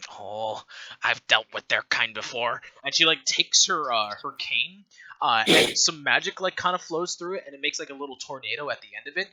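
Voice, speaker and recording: A man narrating a tabletop game as game master, talking in a halting way with frequent fillers and restarts. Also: a little high, bright, forceful tone.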